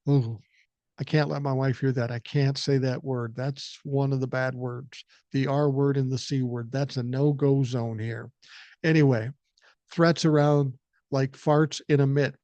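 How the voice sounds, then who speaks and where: A man's voice: medium pitch, steady tone, a little slow, dark tone, no echo, muffled recording. A man in his sixties hosting a podcast, reading listener emails aloud and adding blunt, joking, profane comments in a casual way. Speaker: podcast host.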